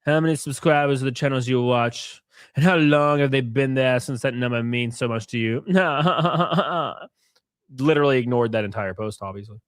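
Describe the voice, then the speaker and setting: A man's voice: mid-range voice, moderate pace, clean tone, no room sound, clean studio sound. A man live-streaming, reading posts aloud and ranting at them in a mocking, profane way while drinking. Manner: mocking, profane, animated rants.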